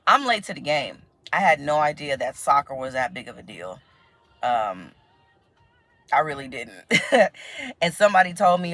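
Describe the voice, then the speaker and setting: An American woman vlogs to camera, chatty and laughing often, quoting others in animated voices. Her voice sits low and she speaks at a moderate pace, with faint music playing behind her.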